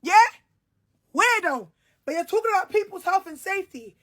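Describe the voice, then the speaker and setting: A woman's voice: extremely high pitch, expressive, moderate pace, a bit bright. A young woman, speaking in a heated, repetitive, confrontational monologue. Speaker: reality show cast member. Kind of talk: angry monologue to camera.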